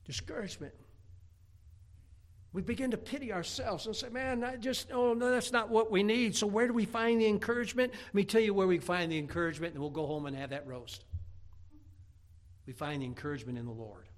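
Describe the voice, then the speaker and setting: A man's voice: sits high, a little fast. A man preaching a sermon, telling homely stories with humor, repeating words as he builds to emphatic, rising points. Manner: folksy, humorous storytelling with rising emphatic bursts. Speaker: pastor.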